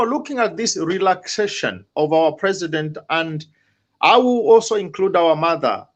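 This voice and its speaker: A man speaking as a panelist, impassioned, repeating himself and restarting his words. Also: sits high. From Zambia. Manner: impassioned, repetitive, halting restarts. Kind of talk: political panel discussion.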